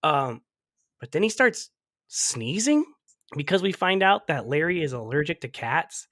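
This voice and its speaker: A man's voice: fairly high pitch, big pitch swings, unhurried, fairly bright tone, dry recording, studio quality. A young man co-hosting a podcast, retelling movie scenes in casual chat, laughing often and swearing. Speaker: podcast co-host recapping a movie.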